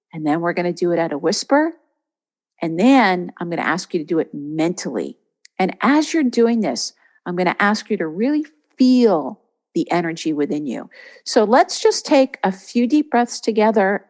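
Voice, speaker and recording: Woman, podcast host, reverend, spiritual teaching, guided meditation, earnest, emphatic repetition, lowish voice. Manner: earnest, repeats words for emphasis.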